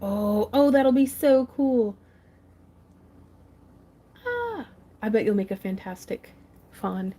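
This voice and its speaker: A woman's voice: on the high side, sing-song, slow, pauses often, warm tone, husky. Chatty crafting woman hosting a livestream. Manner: chatty, laughs often, reads viewer comments aloud. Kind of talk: casual craft tutorial livestream chat.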